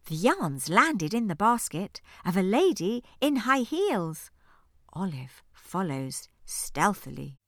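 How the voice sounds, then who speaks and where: A woman narrating a rhyming children's storybook in an expressive, sing-song studio reading. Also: mid-range voice, slow, no echo. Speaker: audiobook narrator. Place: recording studio. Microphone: studio microphone.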